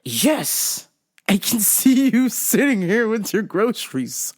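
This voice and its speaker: A woman's voice: medium pitch, very animated, takes it slowly. Woman podcast host ranting about a rude customer, swears a lot, voice bounces all over. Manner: profane, exasperated retelling; acts out both sides of a quarrel. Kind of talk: casual storytelling.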